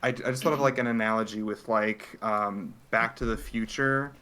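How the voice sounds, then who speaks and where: A man chatting on a casual podcast, cutting in with quick jokes. His voice sits slightly low, and a faint noise runs under it. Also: fairly even intonation, bright, forceful tone. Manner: joking, quick interjections. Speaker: podcast co-host. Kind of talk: casual chat among friends.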